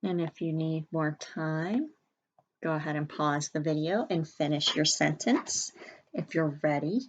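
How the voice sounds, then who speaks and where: A woman's voice: fairly low pitch, darkish tone. A woman teaching a spelling lesson to young children, carefully sounding out letters and words at a whiteboard. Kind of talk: early-grade spelling lesson.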